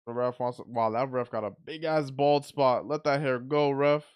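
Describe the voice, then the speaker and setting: A man giving blunt, excitable play-by-play commentary on a boxing match as he watches it live. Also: medium pitch, normal speed, clear, resonant tone.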